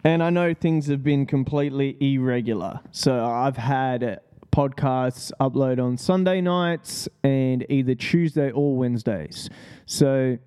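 A man's voice: medium pitch, dark tone, smooth. A young man hosting a casual solo podcast, laid-back and profane, rambling with lots of fillers. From Australia. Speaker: podcast host.

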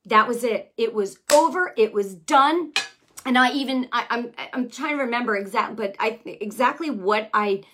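A fervent woman speaks in a slightly higher voice, sharing a testimony with mounting conviction. She repeats key phrases for emphasis and pushes toward near-shouting before easing back into chatty asides. Her delivery stays personal and full of restarts. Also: normal speed, a little hiss or hum. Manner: conversational asides, many restarts and fillers. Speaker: Christian teacher sharing a healing testimony. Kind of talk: passionate testimony and teaching.

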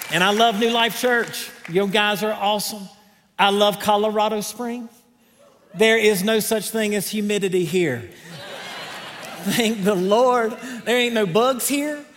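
A man's voice: a little high, fairly bright tone. Middle-aged Southern man from North Carolina, guest preacher, folksy and enthusiastic, on a church stage with a long echo. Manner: folksy and enthusiastic, joking with the congregation. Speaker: guest pastor. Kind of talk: sermon. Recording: long reverb in a large hall with a congregation.

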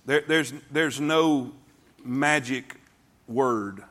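A man preaching a sermon to his congregation, telling folksy stories and swinging between hushed asides and shouting. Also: mid-range voice, very slow. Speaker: pastor. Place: church sanctuary before a congregation.

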